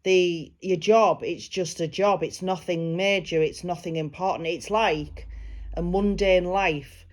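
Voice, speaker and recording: A woman working as a psychic medium, giving a private reading in a gentle, reassuring way and relaying spirit messages. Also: on the low side, fairly even intonation, unhurried.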